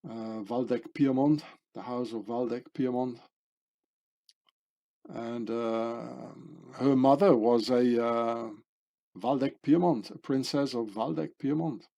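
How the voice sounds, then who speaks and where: Slow, mellow-voiced man musing aloud. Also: mid-range voice, steady tone, dull audio. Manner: musing, rambling, trailing off with fillers and self-corrections. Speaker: video commentator. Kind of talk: casual commentary reading through a list of names.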